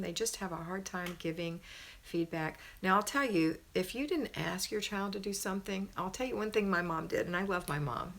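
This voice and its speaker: A woman's voice: lowish voice, slight background noise. A middle-aged woman hosting a live stream, giving homemaking advice in an emphatic, conversational way and often asking "right?".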